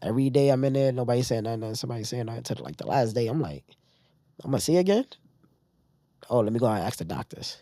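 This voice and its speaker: Animated New man telling a story. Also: mid-range voice, quick pace, no room sound. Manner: animated retelling, acting out others' lines. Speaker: podcast guest. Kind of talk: casual storytelling.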